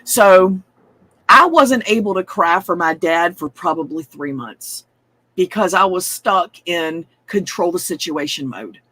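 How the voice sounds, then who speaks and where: A woman with a drawl tells a personal story in casual, chatty talk. She wanders off on tangents and swears without a second thought. Her voice is bright and carries some push. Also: fairly low pitch, animated, measured pace, no room sound. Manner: chatty, profane, rambling with frequent asides.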